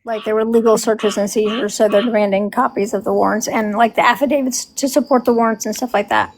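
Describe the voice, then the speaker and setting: Woman cohost, talks emphatic, acts out quotes, kinda high voice. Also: fairly even intonation, fast, a little hiss or hum, poor audio. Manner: emphatic, explains with acted-out quotes. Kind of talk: casual group discussion.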